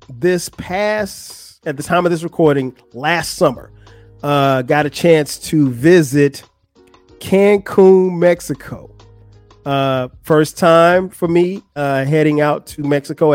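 A man's voice: a little high, a little mellow, no room sound. Slangy male podcast storyteller. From United States. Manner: slangy, loose, with restarts. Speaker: podcast host. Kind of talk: casual storytelling.

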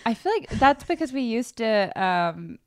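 A woman's voice: a little high, big pitch swings, measured pace, darkish tone, dry recording, studio quality. A woman co-hosting a casual podcast, joking and laughing mid-sentence. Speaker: podcast co-host. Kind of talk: casual chat.

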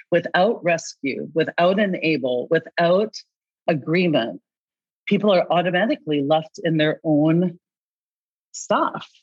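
A woman coach in a podcast conversation who talks with a husky voice and acts out both sides of the dialogues she describes. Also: lowish voice, darkish tone, no echo, muffled recording. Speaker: coach advising company founders.

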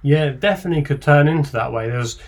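A man hosting a horse racing podcast, running through the odds and turning to his panel for their picks. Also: a little high. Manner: measured, asks panel for picks. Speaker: podcast host. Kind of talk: racing tipping podcast chat.

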